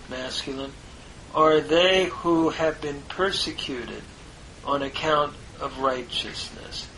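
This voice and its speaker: Slow, halting man teaching Greek. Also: on the high side, a bit bright, a little hiss or hum, poor audio. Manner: deliberate, halting, with many fillers. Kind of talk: slow parsing of a biblical text.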